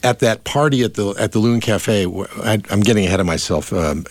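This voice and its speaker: A man's voice: lowish voice, brisk, no echo. A man chatting on a radio talk show, rambling with restarts and trailing asides. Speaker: radio guest. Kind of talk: casual chat.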